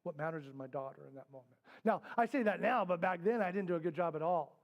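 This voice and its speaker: High-voiced man teaching a parenting class. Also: fast, highs cut off. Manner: candid, acts out quoted voices, drops to soft quiet tones. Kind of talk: storytelling workshop talk. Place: indoor classroom with a live group.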